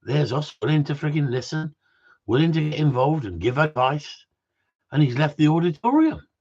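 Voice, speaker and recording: A man's voice: fairly high pitch, lively intonation, normal speed, a little mellow. A man hosting a casual live stream about gundogs, bantering, swearing and reading out viewer messages. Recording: dull lo-fi sound.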